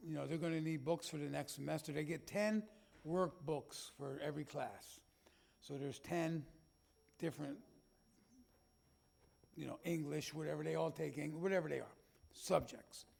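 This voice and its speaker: High, gravelly-voiced emphatic pastor. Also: male voice. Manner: animated and emphatic, folksy asides. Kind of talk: slideshow talk to a congregation. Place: church.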